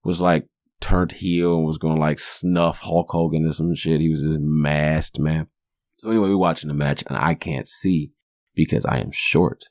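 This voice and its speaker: A man's voice: rumbling low, fairly even intonation, normal speed, a little mellow, no echo, studio quality. A man in his forties hosting a podcast, telling stories in a rambling, profane, joking way. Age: 40s. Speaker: podcast host. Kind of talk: casual storytelling monologue.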